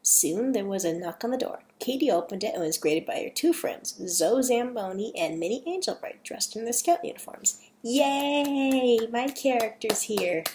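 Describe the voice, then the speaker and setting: A woman's voice: medium pitch, lively intonation, normal speed, hardly any pauses, dark tone, slight background noise. A woman, slightly sick, reading a fan story aloud in a casual, chatty way with self-deprecating asides.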